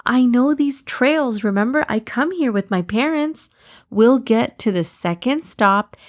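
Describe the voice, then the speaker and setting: A woman's voice: a little high, expressive, measured pace, voice pushed up. A woman voicing a kind, confident young girl who knows the trails, in a children's storybook. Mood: reassuring. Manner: reassuring, eager.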